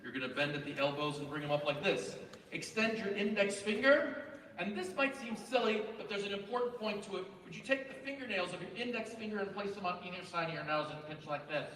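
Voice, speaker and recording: A man presenting to a large live student audience in an auditorium, energetic and animated as he directs the crowd. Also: sits high, brisk, slight background noise. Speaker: event presenter. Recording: echoey hall, voice from far off.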